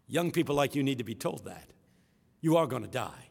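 A man preaching a sermon with call-and-response rhythm, swinging from shouts to hushed tones in a large hall. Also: medium pitch, lively intonation, brisk, gravelly, breathy edge. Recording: echoey hall reverb.

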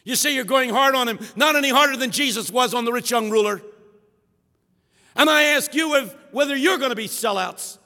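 A man preaching a sermon with call-and-response rhythm, swinging from shouts to hushed tones in a large hall. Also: extremely high pitch, fairly quick. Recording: echoey hall reverb.

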